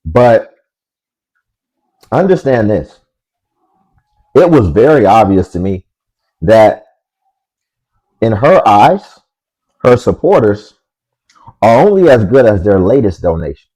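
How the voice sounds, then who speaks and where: A man's voice: on the low side, sing-song, slow, pauses often, warm tone, poor audio. A man hosting a commentary video, speaking in a dry, sarcastic way. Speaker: commentary host. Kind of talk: scripted commentary.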